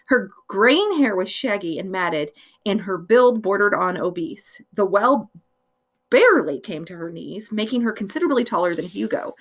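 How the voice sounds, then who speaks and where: Expressive woman reading a novel aloud. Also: medium pitch, normal speed. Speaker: reader.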